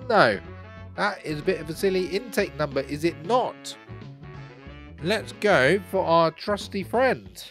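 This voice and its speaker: A man chatters through a let's play, greeting characters and exclaiming at what he sees. His voice sits a touch high and swings widely in pitch. Soft game music plays underneath. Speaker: gaming channel host.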